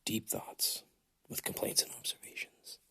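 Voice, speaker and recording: A man's voice: a little slow, sharp tone, in a whisper. A man hosting a casual solo podcast, rambling and swearing with self-mocking humor, his throat dry, recorded on a phone in a large hotel room. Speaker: podcast host.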